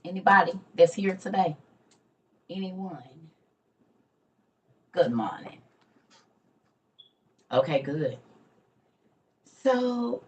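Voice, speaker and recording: A woman's voice: on the low side, poor audio. A middle-aged woman, chatting casually with viewers on a morning livestream from home, calling them y'all. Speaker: livestream host. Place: home room.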